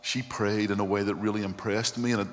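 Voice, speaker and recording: A man's voice: fairly low pitch, flat delivery, a little fast. A male pastor giving an earnest, reflective sermon and often quoting scripture. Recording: long hall reverb, faint hum.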